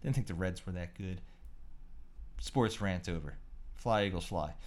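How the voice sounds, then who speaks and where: A man co-hosting a podcast, telling rambling, animated stories in casual chat and swearing freely. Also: low voice, unhurried. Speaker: podcast co-host.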